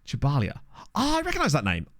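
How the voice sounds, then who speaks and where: Male streamer, casual chat, animated voice, dry close mic. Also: on the high side, fast, no room sound. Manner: chatty, reads chat aloud, excitable reactions to match play. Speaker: streamer playing a football management game. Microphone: desk microphone.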